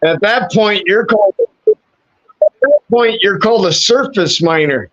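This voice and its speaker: A man's voice: high-pitched, lively intonation, a little slow, a bit bright, dull audio. A man in casual chat, crude and joking, swearing heavily. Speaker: podcast co-host. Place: at home.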